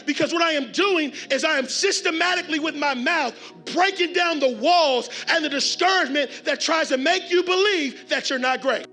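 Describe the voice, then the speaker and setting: A man delivering a motivational keynote to a conference crowd, preacher-style, with call and response and shouted refrains. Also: extremely high pitch, a little fast, hardly any pauses, faint music behind. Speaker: keynote speaker. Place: large conference hall with audience.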